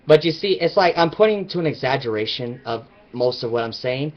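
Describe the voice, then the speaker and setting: A man's voice: mid-range voice, expressive, brisk, lo-fi sound. A man vlogging his opinions in a rambling, emphatic casual rant.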